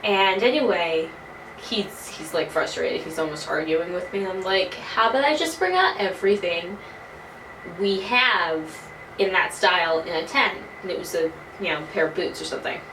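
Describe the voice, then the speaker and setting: A woman's voice: lowish voice, moderate pace. Swearing young woman telling a story. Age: early 20s. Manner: animated, swears freely. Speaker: vlogger. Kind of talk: casual storytelling. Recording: roomy, from a distance, faint noise.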